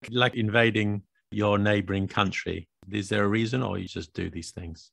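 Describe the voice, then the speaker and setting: A man's voice: fairly low pitch, steady tone, normal speed, gravelly, a bit bright, dry recording, clean studio sound. A British man co-hosting a podcast, chatting casually and joking, often laughing as he explains words. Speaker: podcast co-host. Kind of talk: casual chat.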